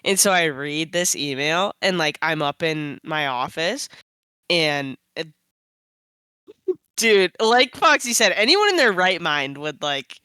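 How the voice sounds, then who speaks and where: A young woman co-hosting a podcast, telling a story in a casual, animated way. She laughs often, and her voice jumps high when she quotes herself. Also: slow, smooth, dry recording. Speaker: podcast co-host.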